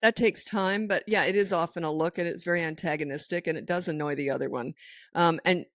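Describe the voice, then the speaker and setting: A woman's voice: lowish voice, a little fast, dry recording. A middle-aged woman, a parenting coach and podcast host, answering listener questions in a firm, direct manner and acting out what parents should say, close to a studio microphone.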